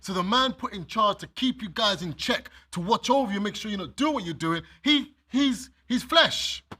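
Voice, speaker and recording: A male minister reads scripture aloud, then explains it directly to the congregation using everyday examples. His voice is a little high for a man, bright and tense with a husky grain, and he preaches animatedly at a normal speed.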